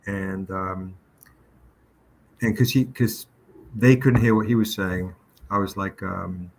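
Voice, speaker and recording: A man hosting a livestream, telling a story with lively quoted voices. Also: low-pitched, slow, pauses often. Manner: animated anecdote with quoted voices. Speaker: comic publisher hosting a livestream. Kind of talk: casual storytelling chat.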